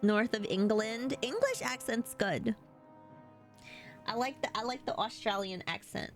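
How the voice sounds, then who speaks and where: A woman's voice: a little high, a little slow, soft background music. A woman with a New York accent, chatting casually with her live-stream viewers and laughing often as she answers them.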